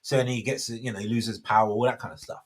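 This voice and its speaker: A man's voice: fairly low pitch, fairly even intonation, quick pace. A man, hosting a casual faith talk and rambling with many self-interruptions. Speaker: host.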